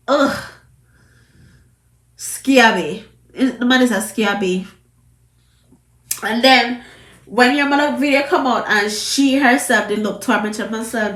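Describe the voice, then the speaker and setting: A woman's voice: a little high, a bit bright, echoey room. A Jamaican woman with a trace of a British accent, giving an emphatic, scolding commentary to camera in patois. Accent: Jamaican, with some British. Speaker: vlogger.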